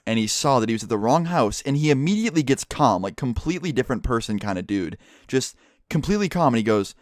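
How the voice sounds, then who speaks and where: A young man casually telling a story to his channel, full of swearing and animated retelling. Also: mid-range voice, quick pace, no echo, clean studio sound. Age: young adult.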